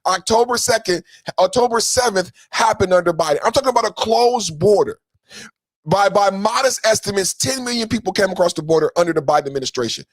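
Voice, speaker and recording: High-voiced man ranting emphatically. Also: expressive, fairly quick, no room sound. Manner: emphatic, taunting, sing-song jabs. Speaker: podcast host. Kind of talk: political commentary rant.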